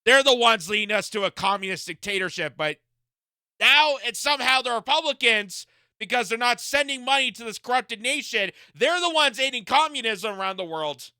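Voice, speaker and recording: A man with a high, bright and very lively voice, mocking and incredulous as he rants through a political reaction commentary. He sounds clear and smooth, close on a dry mic. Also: moderate pace, dry recording. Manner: mocking, incredulous, laughs often.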